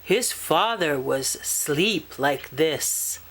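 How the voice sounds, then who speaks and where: A woman reading a children's picture book aloud in a slow, expressive storytelling manner. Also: deep voice, a little hiss or hum. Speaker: storybook reader.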